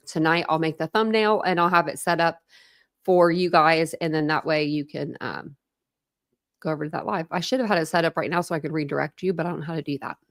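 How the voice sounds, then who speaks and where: A woman with a lowish voice hosts a true crime livestream in a casual, chatty way. She greets viewers by name, fills pauses with ums and small laughs, and reads documents aloud. The sound is dry and close, with no room echo. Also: a bit bright.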